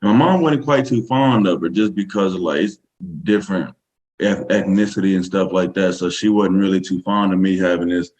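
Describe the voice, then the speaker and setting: On a rough recording, a deep, brisk, slightly mellow male voice carries a Southern US accent. The Texan is a podcast guest who tells his story casually, rambling along with many fillers.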